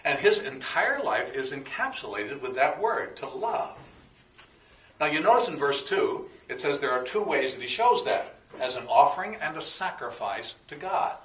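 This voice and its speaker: A man's voice: medium pitch, sing-song, moderate pace, fairly bright tone, distant mic, a little hiss or hum. A man preaches a teaching sermon, breaking words down one by one and slipping into folksy asides with plenty of fillers. His voice sits in a middle range and reaches the mic from a little way off, with an echoey room around it. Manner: explains word by word, folksy with a told joke and fillers. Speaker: pastor.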